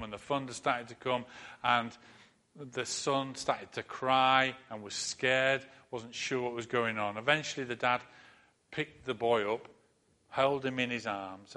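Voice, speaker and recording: A man preaching a sermon in an earnest manner, repeating phrases and dropping to a soft, comforting tone. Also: medium pitch. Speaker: pastor.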